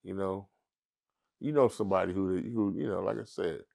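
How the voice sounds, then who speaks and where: Middle-aged comedian guy telling a story, gravelly low fry, doing everybody's voices. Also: moderate pace. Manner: animated storyteller who acts out others in high squeaky voices. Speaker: comedian guest. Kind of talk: casual storytelling interview.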